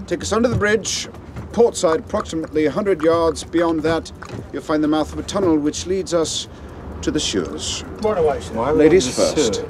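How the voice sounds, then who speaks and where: A man's voice: a little high, expressive, background noise, lightly acted. An actor playing an eccentric Victorian male detective with an English received pronunciation accent, dry and clipped. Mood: commanding. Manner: dry, clipped, quick-witted.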